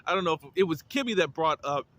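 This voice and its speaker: Bright-voiced man recapping a show. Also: fairly high pitch, expressive, fast. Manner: chatty, opinionated, frequent fillers and restarts. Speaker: reality TV reviewer. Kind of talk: casual episode recap and commentary.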